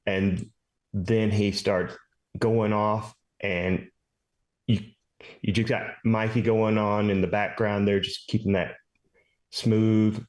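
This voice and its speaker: A man appearing as a guest on a casual music podcast, talking in a laid-back, unhurried way. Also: lowish voice, a little mellow. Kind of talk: casual chat about music.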